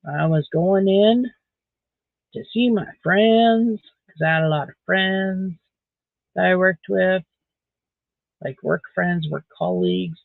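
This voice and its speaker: A woman's voice: lowish voice, lively intonation, slow pace, creaky, pauses often, no room sound. A middle-aged woman, chatting casually on a live stream while crocheting, rambling along with dry sarcastic asides. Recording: dry, tinny phone-like sound.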